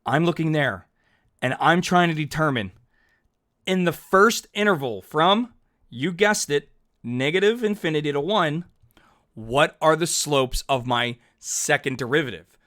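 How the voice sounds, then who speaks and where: Man, math teacher, fairly high voice, upbeat, thinking aloud, narrating a whiteboard lesson. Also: animated, a little slow, fairly bright tone. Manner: chatty and upbeat, talking through each step as he writes; self-correcting, thinking aloud.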